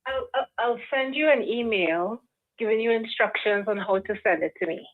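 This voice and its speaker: Woman from canada, phone-in caller, halting speech, tinny phone line. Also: on the high side. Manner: halting, searches for words. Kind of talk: phone-in conversation.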